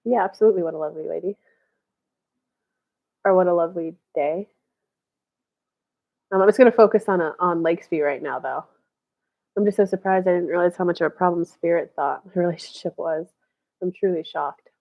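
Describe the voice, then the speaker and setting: A woman's voice: lowish voice, brisk, long pauses, lo-fi sound. A woman hosting a live stream of intuitive readings, chatting casually with many fillers and restarts, short of breath. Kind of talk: casual live-stream chat with channeled messages.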